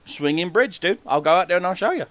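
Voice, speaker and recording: A podcast host tells boastful stories in casual, lively chat, swearing heavily. His voice is high-pitched and quick. The recording has no room sound, and its highs are cut off.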